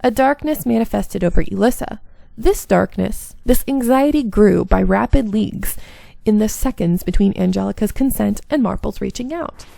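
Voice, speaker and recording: A woman's voice: medium pitch, normal speed, gravelly, mellow, no room sound. A woman playing through a visual novel and reading its narration aloud, with small slips and asides. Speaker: game streamer.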